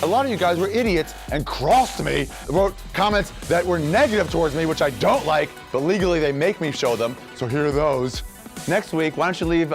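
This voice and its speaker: A man hosting a comedy show, wrapping up in a relaxed, off-hand way with frequent uhs. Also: medium pitch. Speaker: show host. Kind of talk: casual stage wrap-up.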